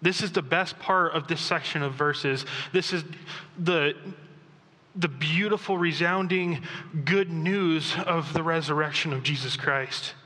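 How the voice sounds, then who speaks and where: A man preaching a sermon as pastor, chatty and animated, with offhand asides. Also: on the high side, measured pace, long reverb tail.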